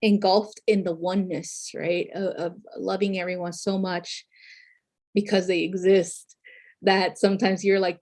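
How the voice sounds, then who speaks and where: A woman's voice: on the low side, flat delivery, unhurried, a little mellow. A woman talking casually to viewers as a tarot reader, chatty, with lots of fillers and frequent laughter.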